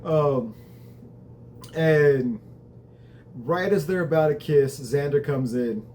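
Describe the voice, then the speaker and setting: A man's voice: on the high side, takes it slowly, a little mellow, slight background noise. A man hosting a show, casually recapping a TV episode in a conversational, reflective way, with the odd swear word.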